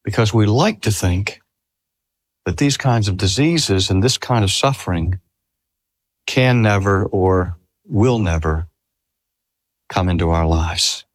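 An older man, a pastor, preaching a sermon in a slow, measured way. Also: low-pitched, no room sound, clean studio sound. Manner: slow, measured delivery with lively rises and falls.

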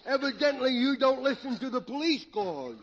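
A man's voice: very high-pitched, expressive, normal speed, lo-fi sound, noisy background. A middle-aged man playing a boozy down-and-out wisecracker, drawling his jokes in a 1940s radio comedy, on an old recording. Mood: tipsy.

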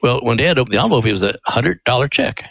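An older man recounts a family story as a radio guest, folksy and animated. He speaks at a mid pitch, and the sound is dry and close to the mic. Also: fast, vocal fry, husky, dry recording, dull audio. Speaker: ministry president, guest. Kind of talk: storytelling interview.

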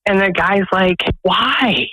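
A woman's voice: mid-range voice, slow pace, no echo, rough recording. A woman who runs a pregnancy resource center, telling stories earnestly as a guest on a radio interview. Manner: earnest, animated storyteller.

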